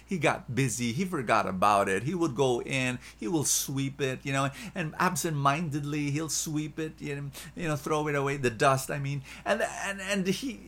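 A man preaching an inspirational sermon, animated and repetitive, shifting from loud emphasis to soft asides. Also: mid-range voice, moderate pace, few pauses.

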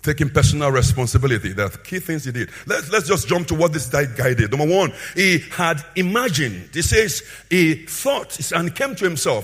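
A man preaching a sermon with a husky voice, swinging between loud emphatic bursts and quieter asides. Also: fairly high pitch, very animated, moderate pace, few pauses.

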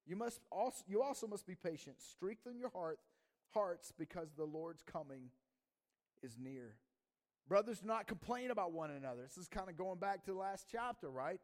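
A man's voice: high voice, expressive, normal speed, a little mellow. A man preaching a sermon in a casual, conversational way, often checking in with the audience and asking "right?". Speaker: pastor.

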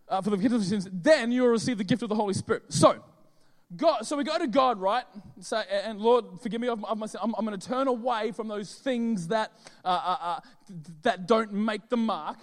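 A man preaches in a loose, joking way, filling his pauses with ums and uhs. His voice sits high for a man. It rings out with a long reverb through a large hall. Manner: chatty, joking, many fillers. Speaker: pastor. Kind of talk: casual sermon. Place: church hall with audience.

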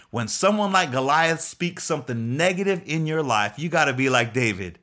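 A male preacher delivers an emphatic, urgent sermon, circling back and repeating himself as he presses each point. His voice sits somewhat high for a man. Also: expressive, normal speed, sharp tone. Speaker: pastor.

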